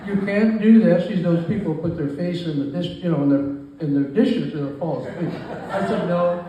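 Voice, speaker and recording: A man in his nineties stands up to speak at his own birthday party, joking and rambling. His voice sits fairly high for a man. He is caught from across the room, so it rings with heavy echo over a faint hum of ambience. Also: a little fast, warm tone. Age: 90s. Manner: joking, rambling, self-deprecating. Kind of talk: informal party speech. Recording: far-off mic in an echoey room with faint ambient noise.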